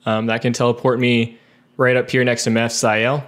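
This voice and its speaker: A man's voice: medium pitch, little pitch movement, fairly quick, a bit bright, clear, resonant tone. A man playing a tabletop game, explaining his turn hesitantly with fillers. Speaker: player.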